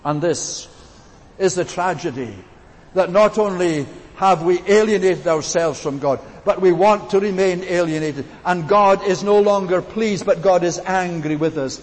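A man's voice: high-pitched, measured pace. A man preaching a sermon in an earnest, emphatic way, hammering home key words through repetition. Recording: long reverb in a hall, faint hiss.

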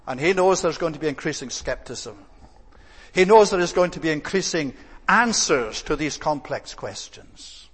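A man preaching a sermon in an earnest, measured way, stressing points by repeating words. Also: a little high, animated, fairly bright tone, husky, in a large hall.

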